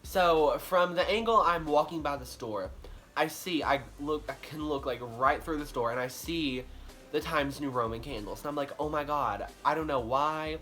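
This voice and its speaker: A man telling a personal story to camera in a casual, animated way, full of likes and ums. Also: on the high side, normal speed, soft background music. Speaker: vlogger.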